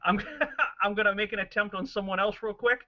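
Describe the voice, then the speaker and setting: A man playing a tabletop game, excitable and laughing at his own bad luck. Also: high-pitched, fairly quick, muffled recording. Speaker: player.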